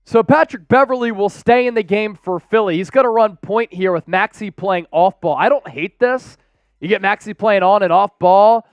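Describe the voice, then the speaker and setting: A young man hosting a live sports stream, calling the plays and reading out chat shout-outs with energetic, excitable bursts. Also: high voice, moderate pace, clean tone, no echo, dull audio.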